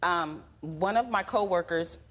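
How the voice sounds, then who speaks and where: A woman's voice: on the low side, measured pace, fairly bright tone. A woman on a TV court show, telling her side of a story with animation and acting out the voices in it. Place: TV studio courtroom.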